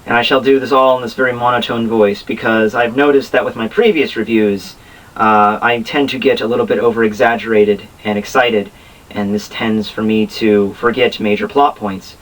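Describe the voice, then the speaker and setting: Man putting on a put-on British accent, formal gentleman, low monotone delivery, little pitch movement. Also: normal speed, distant mic, lightly acted, rough recording. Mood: calm, formal.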